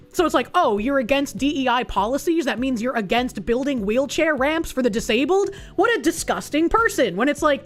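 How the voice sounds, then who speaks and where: Sarcastic, foul-mouthed woman streamer. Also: high voice. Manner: sarcastic, blunt, profane. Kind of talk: reading an article aloud and reacting.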